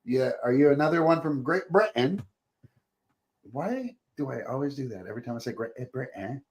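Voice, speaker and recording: A man's voice: mid-range voice, expressive, quick pace, a little mellow. A man hosting a podcast in casual chat, joking, rambling and laughing often. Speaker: podcast host.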